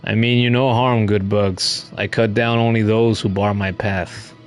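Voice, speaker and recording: A terse, formal bug warrior woman, read by a man in his own voice. The delivery is plain and measured, and the voice sits low. Faint game music plays behind it. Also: fairly even intonation, natural voice. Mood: stern.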